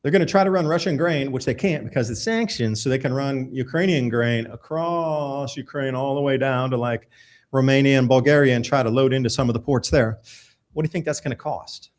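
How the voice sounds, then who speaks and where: A man's voice: mid-range voice, brisk. Casual emphatic male radio host. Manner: casual, emphatic, talking while pulling up articles. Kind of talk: live radio show commentary.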